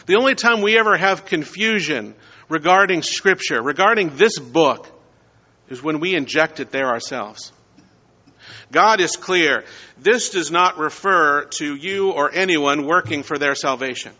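Bright-voiced man preaching in a reverberant church. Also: fairly high pitch, expressive. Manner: measured preaching with emphatic rises and drawn-out key words. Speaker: pastor. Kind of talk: sermon. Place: church sanctuary. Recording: dull sound with long church reverb.

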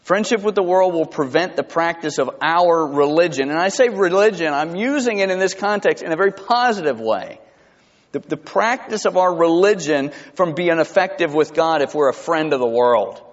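Brief: male pastor preaching in a church, fairly high voice, dull recording. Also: normal speed. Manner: animated, rising to high emphatic peaks. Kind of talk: sermon. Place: church sanctuary. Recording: dull sound with long hall reverb.

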